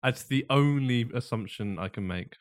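A man's voice: medium pitch, normal speed. Dry, wry man co-hosting a podcast. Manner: dry, wry, matter-of-fact. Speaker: podcast co-host. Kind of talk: casual chat. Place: small room at home.

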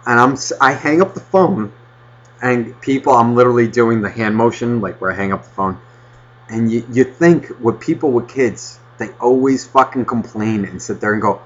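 A man's voice: mid-range voice, fairly quick, slightly rough. Ranting podcast man, lo-fi sound. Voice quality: loud, animated ranting with mocking impressions. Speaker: podcast co-host. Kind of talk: casual podcast banter.

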